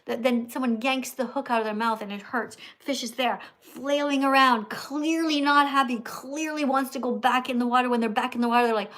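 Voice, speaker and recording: A woman's voice: sits high, fairly even intonation, moderate pace, a bit bright. A middle-aged American woman hosting a livestream in casual chat, emphatic and scolding, repeating herself. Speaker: livestream host.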